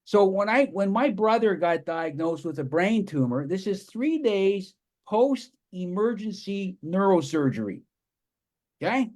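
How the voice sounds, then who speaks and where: A man giving a live presentation to an audience, telling stories with enthusiastic, animated energy. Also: high-pitched, measured pace.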